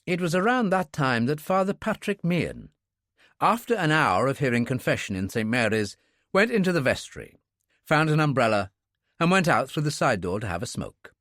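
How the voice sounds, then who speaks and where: A man narrating a thriller audiobook in a steady, measured storytelling manner. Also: a little high, no room sound, clean studio sound. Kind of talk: scripted narration.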